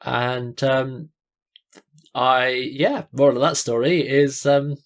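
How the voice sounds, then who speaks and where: A man's voice: mid-range voice, steady tone, slow pace. Easygoing man co-hosting a podcast. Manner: easygoing, hesitant with fillers. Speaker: podcast co-host. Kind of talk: casual chat.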